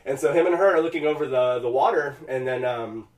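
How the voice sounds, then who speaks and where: A man's voice: medium pitch, brisk, a little mellow, echoey room, far from the mic. A man co-hosting a podcast, casually retelling a game scene and acting out the characters' lines, swearing freely. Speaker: podcast co-host.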